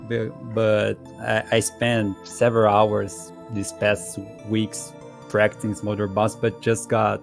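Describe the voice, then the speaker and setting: A man telling a story about his race in a halting way, repeating words and chuckling. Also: lowish voice, monotone, creaky, faint music behind. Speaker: racer being interviewed. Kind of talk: casual post-race interview.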